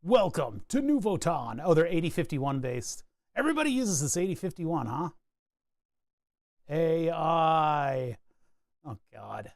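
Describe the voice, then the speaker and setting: Male stream host, slightly high voice, dry close mic, rambling jokey tech talk. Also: very animated, unhurried, creaky, long pauses, no room sound. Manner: chatty, rambling, jokey asides while reading datasheets. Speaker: PCB design streamer. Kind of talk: casual live-stream walkthrough.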